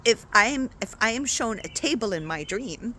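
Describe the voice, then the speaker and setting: Lively, high-voiced woman coach. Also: normal speed, a little hiss or hum. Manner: expressive, chatty, often asks "right?". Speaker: spiritual coach. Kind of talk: casual spiritual talk to camera.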